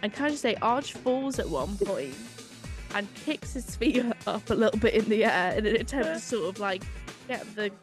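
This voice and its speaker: A woman's voice: medium pitch, expressive, normal speed, faint music behind. A woman co-hosting a podcast, retelling scenes in a chatty, wry way with asides. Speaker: podcast co-host. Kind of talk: casual recap chat.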